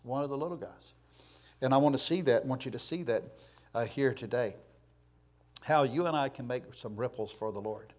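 A man preaching a sermon, reading scripture loudly and with emphasis, then dropping to quiet, plainspoken asides. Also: mid-range voice, normal speed, long pauses.

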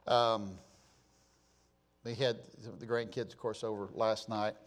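A man's voice: fairly low pitch, steady tone, slow. An older man preaching a sermon, moving from easy storytelling to impassioned, emphatic exhortation. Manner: building from conversational to impassioned crying out. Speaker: pastor.

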